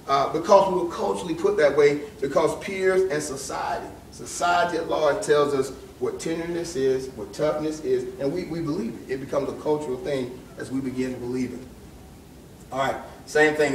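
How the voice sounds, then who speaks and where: A man's voice: a little high, a little hiss or hum. A man in his forties giving a conversational motivational lecture to young men and asking the audience direct questions. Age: 40s. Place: lecture hall. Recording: echoey hall recorded from far off.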